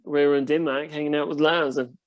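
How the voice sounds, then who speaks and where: Young NZ male muso, rambling anecdotes, slightly high voice, dry close sound. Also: flat delivery, fairly quick, dry recording. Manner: laid-back, rambling storyteller with many fillers. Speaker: touring band musician. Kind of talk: casual interview chat.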